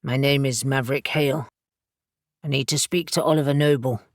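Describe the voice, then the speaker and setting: A woman's voice: rumbling low, steady tone, fairly quick, dry recording, clean studio sound, voice pushed down. A woman voicing a stern male wolf pack alpha with a London accent, speaking curtly and urgently. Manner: curt, urgent.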